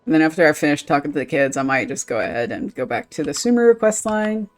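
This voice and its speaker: A woman's voice: low-pitched, expressive, fast, soft background music. A woman livestreaming a story game, giving casual commentary and reading its dialogue aloud between asides.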